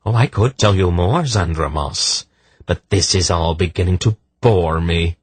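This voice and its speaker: A powerful, cool-headed sorceress, as a male narrator puts her on, speaking with frosty, implacable authority. Her husky voice stays close and dry in an audiobook reading. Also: low-pitched, a little slow, dry recording. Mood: commanding calm. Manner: cool, implacable, dryly amused. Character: commanding, calm, powerful woman sorceress.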